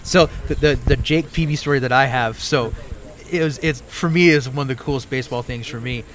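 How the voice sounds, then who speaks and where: A man's voice: mid-range voice, a little fast, a bit bright. A man casually chatting as a host, laid-back and saying "dude" a lot. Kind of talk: casual chat.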